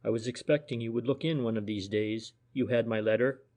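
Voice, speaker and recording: A man's voice: mid-range voice, fairly even intonation, fairly quick, warm tone, close to an everyday voice. Furtive male private eye, read by a man, deferential and insinuating, ordinary mid-range voice, for an audiobook.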